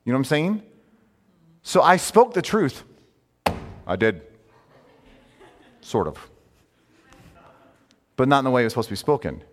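Male preacher, conversational yet emphatic, lively delivery in a reverberant hall. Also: medium pitch, measured pace, pauses often, a little hiss or hum. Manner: conversational and emphatic, with rhetorical questions. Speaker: pastor. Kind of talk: sermon.

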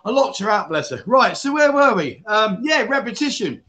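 A man's voice: high voice, very animated, normal speed, sharp tone. Breathless British man chatting on a livestream. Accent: British English. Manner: chatty, jokey, rambling with self-corrections. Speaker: livestream host. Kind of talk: casual livestream chat.

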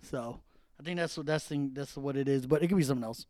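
A man's voice: medium pitch, quick pace, warm tone, dry recording. A man co-hosting a podcast, joking casually about wrestling and laughing a lot. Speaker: podcast co-host.

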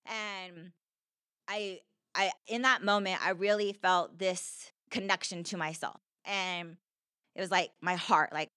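A woman's voice: fairly low pitch, fairly even intonation, takes it slowly, bright, forceful tone, clean tone, dry recording, studio quality. A woman telling her personal story as a podcast guest, earnest and heartfelt, with lots of "like" fillers. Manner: earnest, heartfelt, heavy use of "like".

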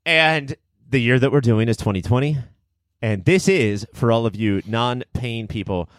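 A man's voice: medium pitch, expressive, normal speed, no room sound, clean studio sound. A man hosting a casual movie podcast, boisterous and theatrical, swearing freely as he riffs. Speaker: podcast host.

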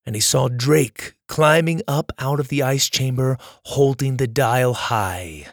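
A man reading a children's adventure story as its narrator, in a measured and dramatic storytelling manner. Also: mid-range voice, gravelly, dry recording, clean studio sound.

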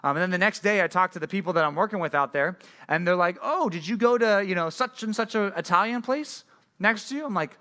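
A young man, a youth pastor, giving a casual sermon to a junior high group, telling a rambling personal story full of fillers before turning to a prayer. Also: fast, bright, forceful tone.

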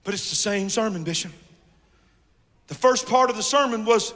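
A man preaching a sermon with a Southern US accent, calling out to the congregation, acting out dialogue and swinging from near-whispers to shouts. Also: sits high, moderate pace, pauses often, big-room sound.

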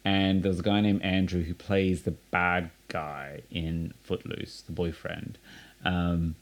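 A man with a low voice hosts a relaxed conversation. He tells stories with energy and acts out what other people said. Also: takes it slowly. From Australia. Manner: animated storyteller, acts out quotes. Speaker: podcast host. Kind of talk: casual chat.

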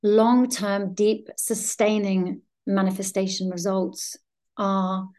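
A woman, a law of attraction coach telling personal stories in an earnest, gentle way on a spiritual podcast. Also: mid-range voice.

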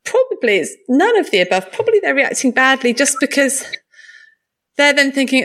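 Lively woman hosting a chat. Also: normal speed. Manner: animated, jumps high when acting out other people's thoughts. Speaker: podcast host. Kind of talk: conversational interview chat.

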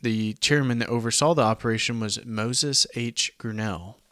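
A man's voice: medium pitch, moderate pace, fairly bright tone, no room sound, studio quality. A man with a Southern US accent, hosting a history podcast and explaining events in a conversational way with asides. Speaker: podcast host. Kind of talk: casual history podcast narration.

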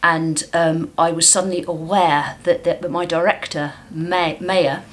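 A woman's voice: on the low side, steady tone, measured pace. A woman puppeteer and voice actor chatting as a podcast guest, effusive and gushing. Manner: effusive and gushing, repeats her praise. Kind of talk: casual chat.

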